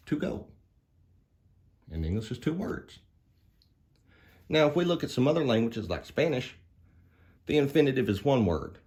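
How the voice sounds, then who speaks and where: A man's voice: medium pitch, vocal fry, a little mellow. A man voicing a folksy male dog grammar professor, giving an easygoing puppet-show lesson. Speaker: teacher.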